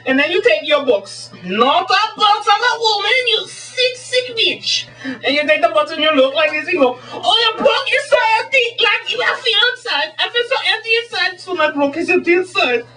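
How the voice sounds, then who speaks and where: A man putting on a high, excitable voice as a crude, goofy Swedish stage magician. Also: normal speed, recorded from a distance, over music, rough recording.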